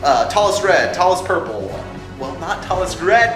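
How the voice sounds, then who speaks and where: A young man hosting a casual vlog that calls for voice actors for his fan film, animated and jokey, dropping into put-on voices. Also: on the high side, normal speed, hardly any pauses. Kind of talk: casual casting-call vlog. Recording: echoey room with music behind.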